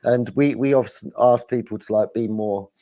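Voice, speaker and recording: A man, a guest on a casual stream, talking in a rambling, animated way and laughing as he goes. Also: mid-range voice, moderate pace.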